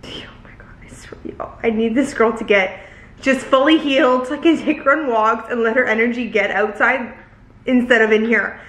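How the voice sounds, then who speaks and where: A woman chatting casually in a home vlog about her puppy, slipping into high baby talk when she speaks to her dog. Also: fairly bright tone. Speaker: vlogger, dog owner. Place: home living room. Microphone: handheld camera. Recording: roomy echo.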